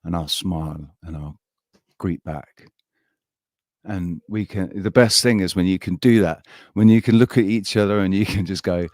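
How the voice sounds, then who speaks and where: A man hosting a live stream, ranting in a heated, halting way and swearing often. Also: low-pitched, a little mellow, dry recording, clean studio sound. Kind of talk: casual live-stream chat.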